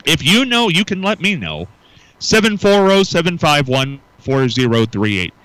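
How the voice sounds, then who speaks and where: Middle-aged man, radio host; animated, bright delivery on a dry studio mic, musing and restarting. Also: on the high side, moderate pace, no room sound, poor audio. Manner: musing, repeats words when restarting. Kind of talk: casual morning radio talk.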